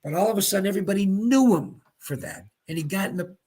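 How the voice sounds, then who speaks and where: A man in his seventies from Pennsylvania, a retired bowler and guest, telling rambling, animated anecdotes in casual chat. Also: high-pitched, fast, slightly rough. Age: 70s. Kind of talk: casual storytelling.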